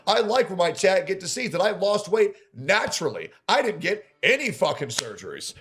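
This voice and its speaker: A man's voice: sits high, very animated, normal speed, a bit bright, a little hiss or hum. A man streamer giving a ranting reaction commentary, sarcastic and indignant, swearing often.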